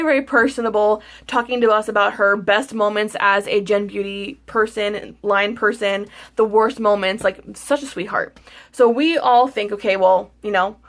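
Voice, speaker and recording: A woman beauty vlogger telling a frustrated, rambling story in a casual vlog, swearing freely and repeating herself. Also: medium pitch. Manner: repeats words, rambling with restarts.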